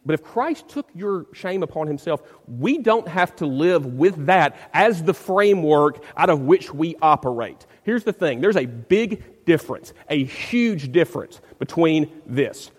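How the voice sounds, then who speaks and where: A man's voice: on the high side, sing-song, measured pace, few pauses, big-room sound. A man, a pastor, preaching a sermon in an emphatic way, often repeating words as he searches for the phrasing.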